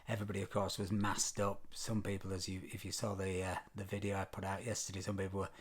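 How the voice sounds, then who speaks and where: A man's voice: deep voice, completely flat delivery, fast talker, slightly rough. A British man vlogging, telling a travel story casually with frequent ums and wry self-deprecating asides. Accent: British English. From Britain.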